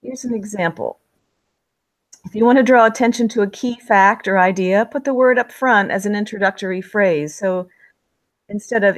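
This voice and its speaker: A woman narrating a writing lesson in a clear, measured way, reading examples aloud with the odd slip. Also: medium pitch, no echo, low-quality recording. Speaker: writing instructor. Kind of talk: scripted instructional narration.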